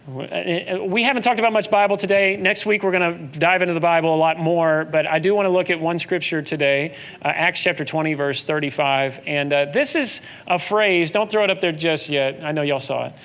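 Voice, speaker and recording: A man's voice: on the high side, steady tone, fairly quick, few pauses, a bit bright. A man preaching a sermon in a conversational style, acting out quoted voices as he goes. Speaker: pastor.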